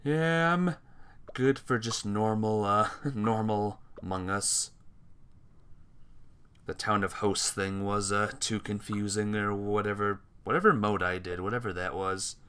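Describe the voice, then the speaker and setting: A man's voice: on the low side, fairly even intonation, measured pace, fairly bright tone, smooth. A man streaming a game with laid-back, chatty commentary, talking to his chat and teammates while yawning and sleepy. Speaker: gaming streamer.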